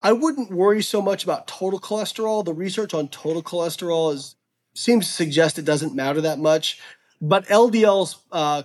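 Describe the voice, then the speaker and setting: A man being interviewed on a podcast who tells stories and explains research in an animated, earnest way, filling his talk with "like" and "you know.". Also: on the high side. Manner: earnest, frank. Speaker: podcast guest. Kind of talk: casual storytelling and explaining research.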